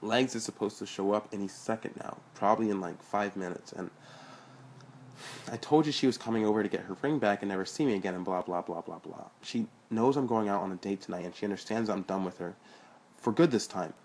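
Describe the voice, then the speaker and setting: A man voicing an excitable, boastful young man who talks in high, emphatic bursts, with a husky voice. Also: a little fast, slight background noise, close to an everyday voice.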